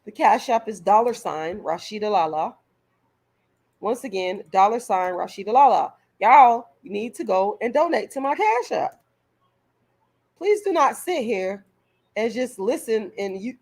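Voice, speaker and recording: A woman's voice: mid-range voice, creaky, darkish tone. A woman vlogger delivering a heated, profane rant straight to her viewers, stumbling over repeated words as she pushes her point. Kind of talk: direct-to-camera rant.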